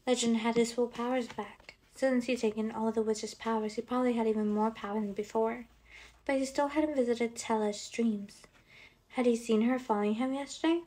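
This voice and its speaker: Woman narrator, audiobook reading, fairly high voice, even and expressive. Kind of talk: reading a novel aloud.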